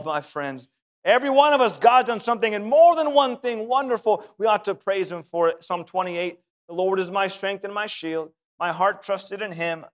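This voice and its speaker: A man's voice: fairly high pitch, clear, resonant tone. A man preaching a sermon in a church, emphatic and given to repeating phrases for effect. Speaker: pastor.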